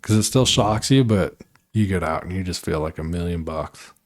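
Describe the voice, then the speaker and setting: A man's voice: low voice, moderate pace. A man co-hosting a podcast, joking and rambling in a laid-back, casual chat. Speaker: podcast co-host.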